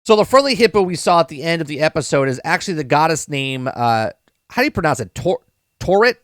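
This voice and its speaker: A man's voice: fairly high pitch, very animated, fast, a bit bright, no room sound, studio quality. A man hosting a live-stream podcast, reviewing a TV episode in a rambling, casual way, repeating words, swearing and talking to his chat.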